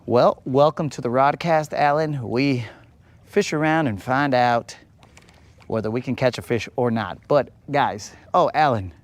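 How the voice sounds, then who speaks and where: A man's voice: mid-range voice, measured pace, no echo. A man hosting a live fishing stream from a boat outdoors, chatting to viewers in a casual, joking, slangy way. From United States. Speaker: fishing livestream host.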